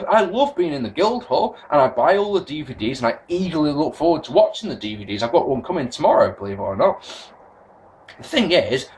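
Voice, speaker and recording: A man's voice: mid-range voice, a little hiss or hum, rough recording. A young Englishman with an English accent, ranting casually to camera about wrestling, swearing freely and restarting his sentences a lot. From England. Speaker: wrestling vlogger. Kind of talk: casual opinion rant to camera.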